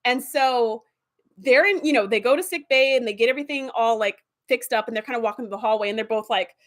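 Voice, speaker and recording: Woman host, casual episode review, rambling animated retelling, fairly high voice. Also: quick pace. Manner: animated plot retelling with many fillers. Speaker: video host.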